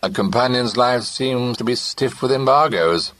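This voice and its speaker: A man reading an audiobook, voicing a blunt young gentleman who persists in courting. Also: medium pitch, normal speed, voice pushed up, lightly acted. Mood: teasing. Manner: blunt, straight to the point.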